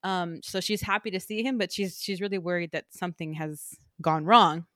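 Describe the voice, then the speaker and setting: Woman, podcast co-host, casual chat, animated retelling, dry close mic. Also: fairly low pitch, moderate pace, no room sound. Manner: animated, acts out characters in quotes. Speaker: podcast co-host recapping a novel.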